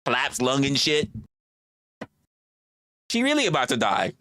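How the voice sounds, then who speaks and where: A man's voice: mid-range voice, huge pitch swings, unhurried, sharp tone. A man hosting a livestream, talking casually in a rambling, profane way and repeating his phrases. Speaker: livestream host.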